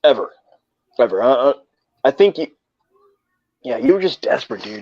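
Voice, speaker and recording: A man's voice: mid-range voice, sing-song, moderate pace, long pauses, darkish tone, dry recording. A young man casually telling a rambling, profane story in slangy talk. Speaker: podcast co-host. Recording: dull lo-fi dry sound.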